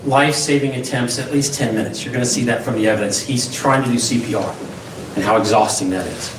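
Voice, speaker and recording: A man's voice: medium pitch, fast talker. A male defense attorney giving an opening statement to a jury, emphatic and full of rhetorical questions. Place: courtroom. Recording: echoey courtroom, distant mic, faint hiss.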